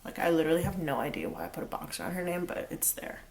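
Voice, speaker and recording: A woman's voice: on the low side, very animated, very fast, creaky, darkish tone. A woman giving a casual pick-a-card tarot reading, chatty and rambling with lots of fillers. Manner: chatty and rambling, many fillers, sings snatches of lyrics. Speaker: tarot reader.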